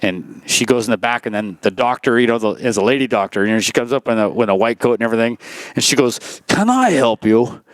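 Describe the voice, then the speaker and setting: A man's voice: mid-range voice, fairly even intonation, fast, fairly bright tone, no echo. A man in his sixties, a former racer telling stories in a casual interview, rambling with lots of "you know" and restarts.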